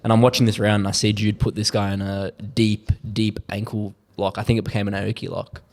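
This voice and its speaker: A man from Australia hosting a casual chat and telling stories with animated repetition. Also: fairly low pitch, a little fast. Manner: animated storytelling, repeats words for effect. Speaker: host.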